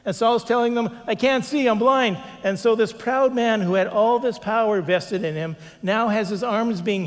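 A man preaching a sermon as pastor, telling stories with animation and acting out the quotes. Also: sits high. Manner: animated storytelling, acts out quotes. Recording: long reverb of a large hall.

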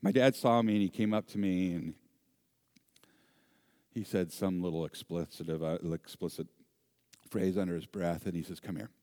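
A man preaching a sermon, an animated storyteller with self-deprecating humor. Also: deep voice, moderate pace, long pauses, no room sound, clean studio sound. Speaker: pastor.

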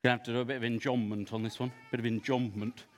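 A man's voice: mid-range voice, level tone, rapid-fire, lightly acted. A man playing a pompous male serpent poet and playwright, performing a comic character in a church hall. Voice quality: pompous, hissing shushes. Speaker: children's church entertainer. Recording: echoey hall.

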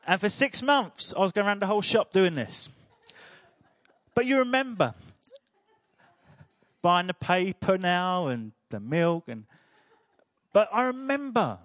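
High-voiced preacher, chatty. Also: male voice, sing-song, a little slow, long pauses, a bit bright, dry recording, clean studio sound. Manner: chatty, humorous storytelling. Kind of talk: sermon.

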